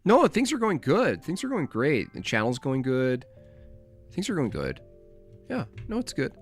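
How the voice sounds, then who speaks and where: A man's voice: fairly high pitch, huge pitch swings, unhurried, faint music behind. A man mockingly imitating a young man who talks in exaggerated street slang. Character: young man mocked as a wannabe tough guy.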